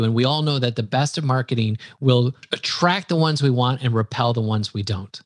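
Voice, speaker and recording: A man's voice: mid-range voice, no room sound. Chatty man from Wisconsin, dry sound. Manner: energetic, chatty, quick asides. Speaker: podcast guest. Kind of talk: casual interview chat.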